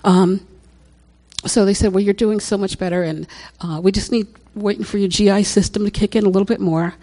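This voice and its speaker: Speaking a little fast in a mellow, medium-pitched voice with a steady tone, an older woman tells a personal story as a casual testimony. She's chatty, laughing often and going back over the same points.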